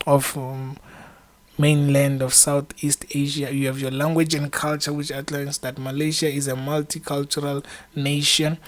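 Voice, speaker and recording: A young man with a slightly raised voice gives casual exam-prep advice straight to his viewers. He sounds encouraging and chatty, wandering between points with plenty of "uh" and "um" along the way. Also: on the high side. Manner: chatty, encouraging, rambling with many fillers. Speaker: student exam-prep channel host.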